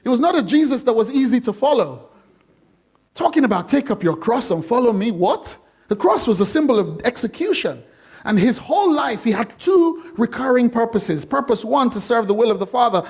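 A man with a high voice preaching in a church. He is animated and full of jokes, and slips into playful voices to act out the people in his story. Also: normal speed, breathy edge. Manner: animated and jokey, acting out quoted voices. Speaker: pastor. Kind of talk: sermon.

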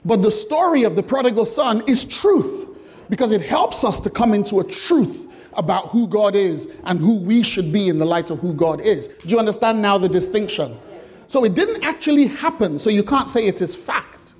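Speaking at normal speed with a high pitch, lively intonation and a somewhat dark tone, a pastor addresses his congregation in a church hall. His sermon is interactive and full of jokes, with questions thrown out and gentle ribbing of the crowd.

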